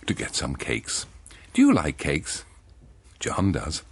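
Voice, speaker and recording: A man reading a comic children's-style story in a deadpan, mock-innocent way, adding wry asides. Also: extremely low pitch, slow pace, creaky, long pauses, breathy edge.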